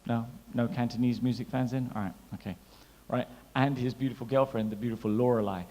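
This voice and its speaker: A man in his thirties doing a stand-up comedy set, chatty and animated, teasing the crowd. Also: mid-range voice, fairly quick. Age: 30s. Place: large hall at a gala dinner. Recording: long hall reverb.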